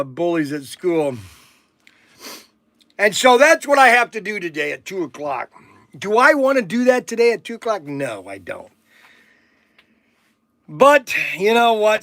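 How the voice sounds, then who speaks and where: A middle-aged man with a high-pitched voice rambles through a casual livestream chat. He tells folksy stories with plenty of fillers and false starts. The sound is dry and close. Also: fairly bright tone, dry recording. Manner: folksy storytelling with many fillers and restarts. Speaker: livestream host. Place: warehouse.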